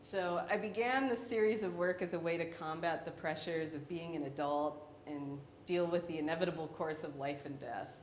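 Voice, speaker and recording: A young woman presents her own paintings with a wry, self-mocking humor. Her voice sits a little low. The room is echoey and a faint rumble runs underneath. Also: moderate pace, hardly any pauses. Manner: wry, self-deprecating, laughs between points. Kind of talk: artist talk about her work.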